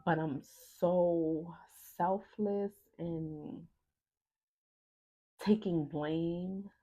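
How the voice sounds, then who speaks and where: Low, husky-voiced woman telling a story. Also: fairly even intonation, drawn-out words, warm tone, highs cut off. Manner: emotional retelling, acts out other people's lines. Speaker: vlogger. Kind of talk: casual storytime vlog.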